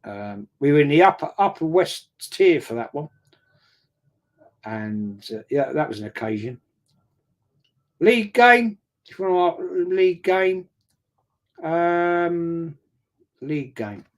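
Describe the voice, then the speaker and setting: A man in his sixties, rambling through a casual live-stream chat and reading out viewer comments, often repeating himself and pausing with ums. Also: a little high, expressive.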